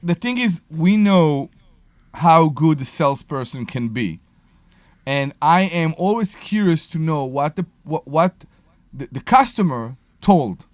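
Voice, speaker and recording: Halting male radio co-host, dry sound. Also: fairly high pitch, expressive, no room sound. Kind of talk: casual talk radio chat.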